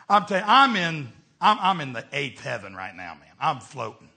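A middle-aged man, preaching a storytelling sermon as a traveling evangelist, swinging between shouts and hushed tones. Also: a little high, sing-song, normal speed, gravelly.

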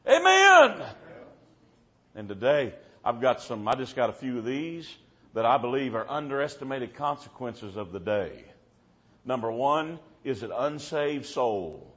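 A preacher delivering a fiery revival sermon in church, moving from low storytelling to shouted warnings. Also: male voice, animated, normal speed. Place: church service. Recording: dull lo-fi recording.

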